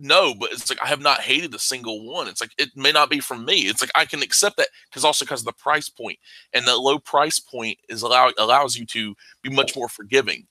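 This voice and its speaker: A man and comics fan chatting casually, excitable and swearing freely. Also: medium pitch, brisk, dry recording, poor audio. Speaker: podcast guest, comics fan. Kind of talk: casual podcast chat.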